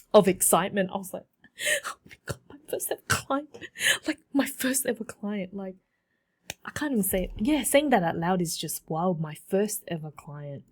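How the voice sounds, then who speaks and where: A woman in her thirties hosting a solo podcast, telling her story in a chatty, animated way with many fillers and repeats. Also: on the low side. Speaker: podcast host.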